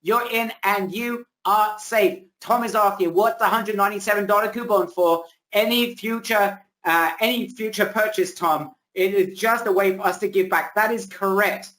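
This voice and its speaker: A man hosting a webinar, giving a pushy, excited sales pitch over a video call while his voice is wearing out. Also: moderate pace, hardly any pauses. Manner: hyped, pushy salesman hype. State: losing his voice. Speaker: webinar host. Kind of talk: hard-sell webinar pitch.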